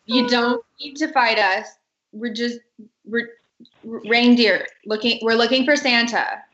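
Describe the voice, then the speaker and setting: Quick, chatty woman playing a tabletop game. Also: a little high, a bit bright, muffled recording. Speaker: player.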